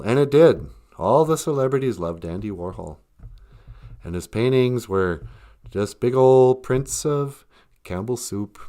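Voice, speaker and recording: A man's voice: lowish voice, a little mellow. A man with a Minnesota accent, hosting a live stream in a casual, joking monologue, mocking people with put-on voices.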